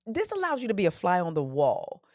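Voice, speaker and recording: A woman's voice: fairly low pitch, huge pitch swings, brisk, darkish tone, no room sound, clean studio sound. A woman hosting a live call-in advice podcast, talking in a sassy, direct coaching way and calling listeners honey and darling. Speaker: podcast host.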